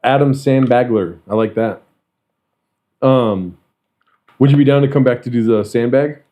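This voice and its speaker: A man's voice: medium pitch, a little slow, mellow. A young man hosting a podcast, chatting casually, joking, laughing a lot and swearing freely. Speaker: podcast host. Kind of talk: casual chat.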